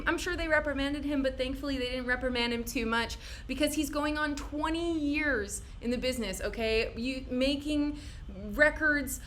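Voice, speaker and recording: A woman hosting a live-streamed interview, bubbly and excitable, swearing and laughing often. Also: fairly high pitch, slight background noise. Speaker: host.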